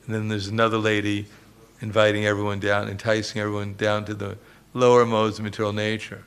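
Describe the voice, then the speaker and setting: Gravelly-voiced man giving a humorous sermon. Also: lowish voice, completely flat delivery, fairly quick, a bit bright. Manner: humorous storytelling, chuckles often. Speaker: swami giving a lecture. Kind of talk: religious lecture.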